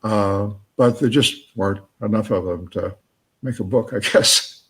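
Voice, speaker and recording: A man, an author, answering audience questions in a halting, chuckling way with plenty of fillers. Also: lowish voice, breathy edge. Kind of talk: live Q&A talk.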